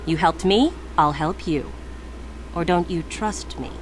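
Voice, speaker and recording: A woman's voice: lowish voice, a little slow, a little hiss or hum, close to an everyday voice. Woman playing a cold scheming Sith student. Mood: coolly defiant. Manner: clipped, self-assured, dismissive. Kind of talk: video game voice acting. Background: game music.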